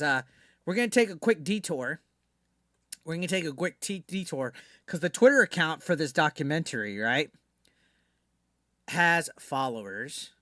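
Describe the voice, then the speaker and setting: A high-pitched man with a bright, forceful voice rants to his live-stream chat. He is brash, profane and mocking, and sounds dry and close on a desk mic. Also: no room sound.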